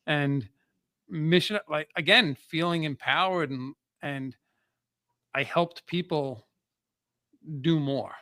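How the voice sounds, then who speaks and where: A man who is a podcast guest and motivational speaker, telling personal stories in an energetic, emotional way with frequent restarts. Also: a little high, slow, pauses often, dry recording, studio quality. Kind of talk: casual chat, personal storytelling.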